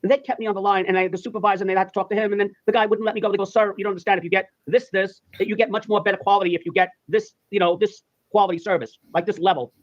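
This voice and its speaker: A man's voice: sits high, fairly even intonation, very fast, few pauses. A man telling a profane comic rant, swearing and acting out both sides of a phone call. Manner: swearing, acts out phone calls. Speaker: storyteller in a played clip. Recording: dull lo-fi clip audio.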